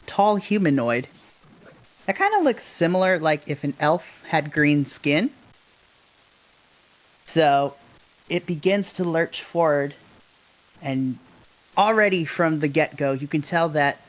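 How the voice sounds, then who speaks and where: Guy running a tabletop game, takes his time, kinda high voice, easygoing. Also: rough recording. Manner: laid-back, descriptive, chuckles between lines. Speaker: dungeon master.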